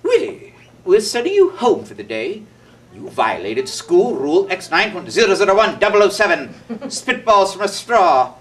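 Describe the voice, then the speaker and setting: A man's voice: high voice, huge pitch swings, normal speed, a bit bright, far from the mic, slight background noise, heavily acted. A man voicing a stern, fussy female school principal in a storytelling performance. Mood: scolding.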